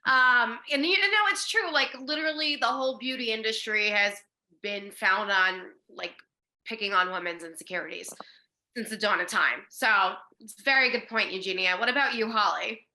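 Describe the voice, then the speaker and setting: Bright, chirpy young woman host. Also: a little high, moderate pace, rough recording. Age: 30s. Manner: chatty, upbeat storytelling. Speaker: talk show host. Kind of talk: casual panel chat.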